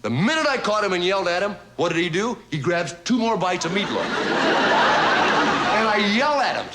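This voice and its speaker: A man hosting a variety show, telling a comic monologue in a folksy storytelling manner with drawn-out pauses for laughs. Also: high voice, sing-song. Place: TV studio stage before a live audience. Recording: TV studio audience laughter, noisy broadcast.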